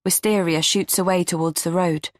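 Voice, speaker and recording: A woman reading a first-person audiobook in a tense, measured storytelling manner. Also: on the low side, fairly even intonation, no room sound, clean studio sound. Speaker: audiobook narrator.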